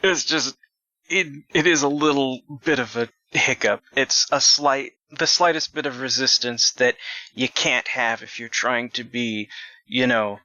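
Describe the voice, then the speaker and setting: A man's voice: mid-range voice, measured pace, sharp tone, no room sound. A man co-hosting a discussion podcast, wry and quippy, stumbling a little between thoughts. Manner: wry, quips, hesitant. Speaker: podcast co-host. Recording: dry, muffled lo-fi mic.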